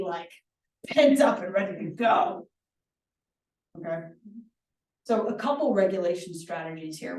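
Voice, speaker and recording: A woman facilitating a workshop. She leads calm guided exercises and often checks in with a questioning "right?". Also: medium pitch. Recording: roomy sound from a distant mic.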